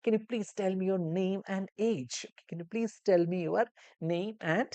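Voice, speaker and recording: A woman voicing a gentle, reassuring nurse in an emergency ward, speaking in a slow sing-song way. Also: mid-range voice, no room sound, close to an everyday voice. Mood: polite. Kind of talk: role-play demonstration.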